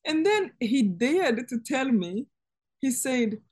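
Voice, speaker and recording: Interview guest, woman, fairly high voice, earnest and emotional, halting delivery with restarts. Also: very animated, darkish tone, breathy edge. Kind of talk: personal testimony in conversation.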